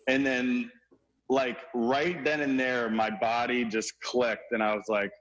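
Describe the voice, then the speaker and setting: A young man excitedly telling a story in an interview, filled with "like" and acted-out quotes. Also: mid-range voice, takes it slowly, lo-fi sound. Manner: animated, filler-heavy, acts out quotes. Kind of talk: excited anecdote.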